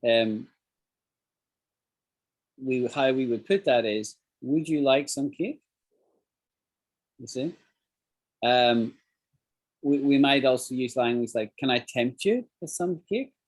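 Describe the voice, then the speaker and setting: A man's voice: mid-range voice, takes it slowly, pauses often. A man teaching an English class over a video call, explaining phrases and acting out examples.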